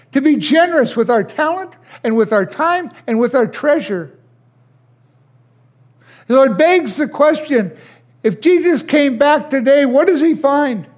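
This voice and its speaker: Older male pastor, high voice, unhurried sermon delivery with sudden hushed asides. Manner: slow, questioning preacher who swings from loud to hushed.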